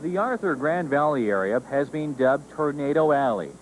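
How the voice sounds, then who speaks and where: A male news reporter and show host reading a scripted news report in a measured, formal way. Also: a little high, lively intonation, slight background noise, rough recording.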